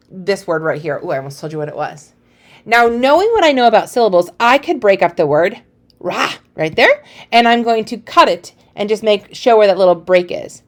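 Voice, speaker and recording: A woman teacher giving a recorded phonics lesson to young children, encouraging and playful, praising often. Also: medium pitch.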